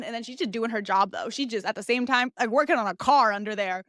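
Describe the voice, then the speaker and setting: Blunt young woman, high dry voice. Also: fairly quick, few pauses, a bit bright, no room sound. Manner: candid, blunt and crude, acts out the nurses' soothing voices. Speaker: podcast host. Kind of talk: casual storytelling monologue.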